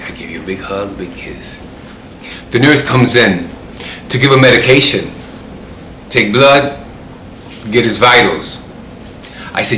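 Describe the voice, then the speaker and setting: A man's voice: medium pitch, lively intonation, moderate pace, long pauses, fairly bright tone, echoey room, a little hiss or hum. A man telling a personal story in a rambling way, often repeating himself.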